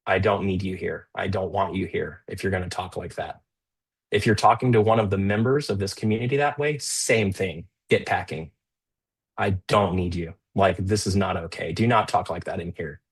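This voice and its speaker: Low husky guy running a live trading stream, chatty, lots of um and right. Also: steady tone, fairly quick. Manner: conversational, with many fillers and restarts; stern and scolding toward a rude chatter. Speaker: live trading show host. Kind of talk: live-stream market commentary.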